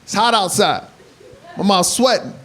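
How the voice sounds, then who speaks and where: A man doing stand-up comedy who tells animated stories and builds up to shouts. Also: sits high, a little slow. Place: comedy club stage. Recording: live club set with crowd laughter. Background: audience laughter and room hiss.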